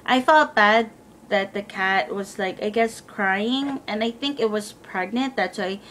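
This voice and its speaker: A young woman tells a personal story in a loose, rambling way, full of fillers and quoted back-and-forth. Her pitch sits in an ordinary middle range. A faint low rumble hums under the recording. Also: measured pace, a bit bright. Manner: rambling, filler-heavy retelling with quoted dialogue. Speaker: vlogger. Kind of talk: casual storytelling.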